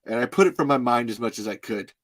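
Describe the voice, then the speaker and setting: A man retelling a personal story in a casual, halting way, sighing often and close to tears. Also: mid-range voice. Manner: many restarts and fillers, rambling.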